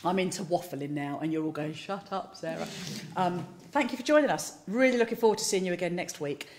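A woman's voice: fairly low pitch, fast talker, slight background noise. Chatty woman leading church service. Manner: chatty and playful, talks while eating biscuits. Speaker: service leader. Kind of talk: casual closing remarks to an online congregation.

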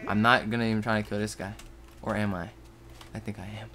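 A young man hosting a game video, giving goofy, jokey commentary that keeps jumping into silly high exclamations. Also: quick pace, a bit bright, a little hiss or hum. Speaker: gaming channel host. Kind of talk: let's play game commentary.

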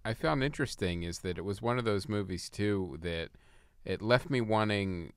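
A man's voice: fairly low pitch, moderate pace, clean tone, no room sound. A man co-hosting a film review podcast in a studio, talking in an easygoing, conversational way. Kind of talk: casual chat.

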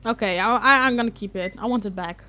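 Bright chatty young woman gamer. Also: medium pitch, fast talker. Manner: chatty, restarts mid-sentence. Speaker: let's play gamer. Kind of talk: casual game commentary.

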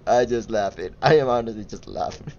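A man's voice: mid-range voice, normal speed, highs cut off, slight background noise. Giggly young man streaming a game. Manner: giggly, easily excited, chatty with chat. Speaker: gaming livestreamer. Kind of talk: casual gameplay commentary.

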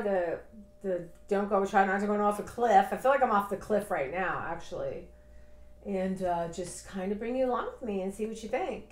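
A woman's voice: medium pitch, darkish tone, echoey room. A woman in her fifties in a casual personal vlog, talking in a rambling, reflective and heartfelt way. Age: 50s. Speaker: vlogger.

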